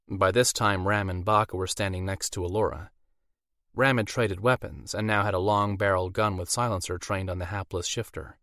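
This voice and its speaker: A man narrating a fantasy audiobook in a measured storytelling manner, on a close studio mic. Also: low-pitched, steady tone, fairly bright tone, dry recording. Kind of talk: scripted narration.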